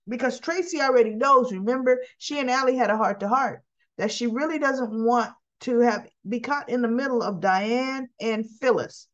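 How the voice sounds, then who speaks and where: A soap opera recap host with a fairly high voice chats casually through scenes, acting out the characters' lines along the way. She is expressive and speaks at a normal speed, though the recording is dull and lo-fi.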